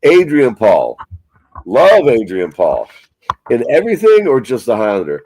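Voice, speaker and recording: A man's voice: mid-range voice, huge pitch swings, measured pace, dark tone, a little hiss or hum. A man hosting a casual live stream, rambling and swearing as he chats about movies. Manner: rambling, profane, self-mocking. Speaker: livestream host.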